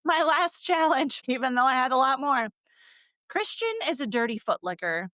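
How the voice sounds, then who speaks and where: A woman co-hosting a casual book-review podcast, sarcastic and animated, swearing freely and laughing often. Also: sits high, moderate pace, dry recording. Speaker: podcast co-host.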